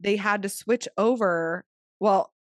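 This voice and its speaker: A woman co-hosting a podcast who tells stories in an animated way, laughing often. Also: medium pitch, takes it slowly, dry recording, clean studio sound. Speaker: podcast co-host, retreat leader. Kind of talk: casual chat.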